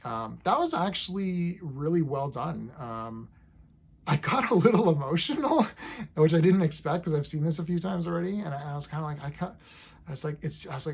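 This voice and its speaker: A man's voice: fairly high pitch, animated, normal speed, gravelly, a little mellow, slightly rough. A man casually reviewing a TV episode, rambling enthusiastically and acting out scenes as he goes.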